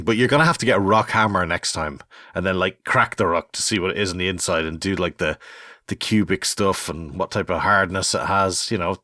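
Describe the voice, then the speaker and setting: A lower-pitched man in middle age tells stories in casual chat, his voice jumping up when surprised. The sound is dry and close to the mic. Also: fairly bright tone, dry recording. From Ireland. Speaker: podcast host.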